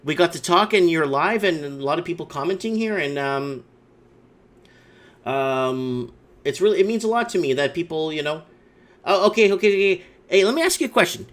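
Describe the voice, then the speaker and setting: A male host runs a casual call-in show. His voice sits a little higher than most men's. He keeps the talk going with a steady stream of curious questions. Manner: curious, asking lots of quick questions.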